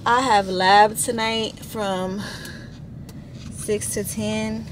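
A woman's voice: mid-range voice, fairly even intonation, drawn-out words. A young woman talking to her vlog camera while driving, out of breath and chatty, rambling on. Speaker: vlogger. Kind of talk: casual vlog chat. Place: in a car, driving. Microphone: phone or camera on a window tripod. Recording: car with road noise. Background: road and vehicle noise.

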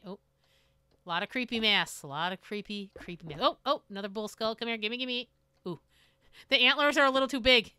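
A woman streaming a game live, reading its dialogue aloud and reacting in an animated, jokey way, squealing and whispering when scared. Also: fairly high pitch, smooth.

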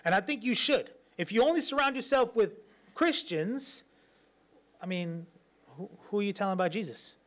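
A man's voice: high-pitched, moderate pace. A man preaching a sermon as pastor, telling stories with lots of laughter and acting out the voices of people in them. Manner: animated storytelling, laughs often, acts out quotes.

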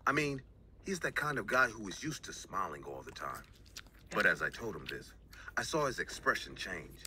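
A man with a very low, bright-edged voice tells a scary story as scripted narration. His pitch swings widely across lines. A faint noise sits under the recording. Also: very animated, moderate pace.

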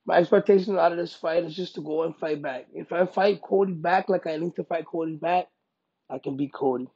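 A man with a gravelly, husky voice, pitched a bit high for a man, speaking in a casual interview. He is an emphatic professional fighter who circles back and repeats his points. The audio is dull and lo-fi. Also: fairly quick. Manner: animated, emphatic, repeats himself. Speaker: MMA fighter.

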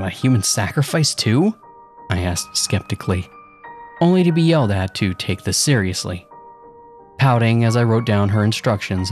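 Man narrating a horror story with a low voice. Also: darkish tone.

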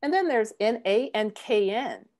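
Woman giving a halting talk. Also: on the high side, lively intonation, darkish tone. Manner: halting, many fillers. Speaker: guest speaker, university professor. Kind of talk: presentation to a club meeting.

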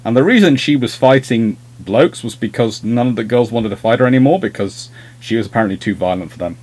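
A man's voice: mid-range voice, brisk, darkish tone. A man hosting a livestream, chatting casually and telling rambling, self-deprecating anecdotes. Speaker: host of a naval history livestream.

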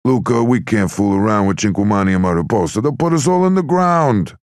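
A man's voice: lowish voice, lively intonation, fairly quick, darkish tone, no room sound, studio quality, voice pushed up, close to an everyday voice. A man voicing a sardonic gangster henchman in an audiobook. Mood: wry. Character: wisecracking male gangster henchman.

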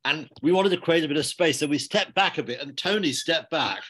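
An older man, a theatre director speaking in an online interview, telling stories in a measured, anecdotal way with frequent restarts. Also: on the high side, bright, forceful tone, husky. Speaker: theatre and film director, guest. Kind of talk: reflective interview conversation. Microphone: online video call.

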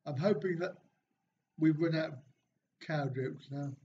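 Speaking at a measured pace in a fairly high, mellow voice, a man hosts a relaxed live stream. He reads his viewers' chat jokes aloud and answers with dry jabs at himself, and the audio is dull, slightly lo-fi, and faintly noisy.

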